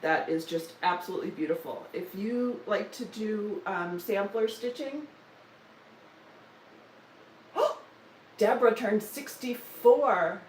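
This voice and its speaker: A woman's voice: mid-range voice, takes it slowly, long pauses, darkish tone, echoey room, recorded from a distance, a little hiss or hum, rough recording. A woman, chatting casually on a live stream about her stitching projects, with joking asides and self-deprecating humor. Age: 60s. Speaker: stitching vlogger.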